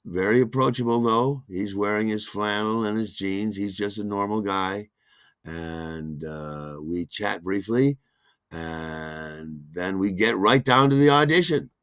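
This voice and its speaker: Guy telling a long rambling story on his podcast, slow and low, dry close mic. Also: fairly bright tone, clear, resonant tone, no echo. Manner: rambling, self-deprecating, with fillers and asides. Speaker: podcast host.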